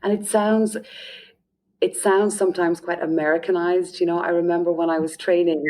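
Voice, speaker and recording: A woman with an Irish accent, a parenting coach explaining advice in a lively podcast interview. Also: lowish voice, normal speed. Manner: lively, often acts out quoted parents and children.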